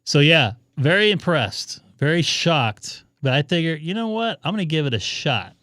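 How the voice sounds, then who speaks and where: Male ham radio host on a casual live stream, slightly high voice, dry close sound, excitable storyteller who rambles. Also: normal speed, no room sound. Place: home radio room upstairs.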